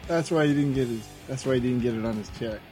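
A man's voice: medium pitch, quick pace, dark tone, soft background music. A man co-hosting a podcast, laughing along and feeding jokes in casual banter. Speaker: podcast co-host.

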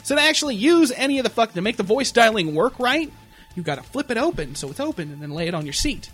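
Profane, animated young man ranting. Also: very high-pitched, quick pace, husky, faint music behind. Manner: profane, animated, yells impressions of people. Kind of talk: casual comedic rant.

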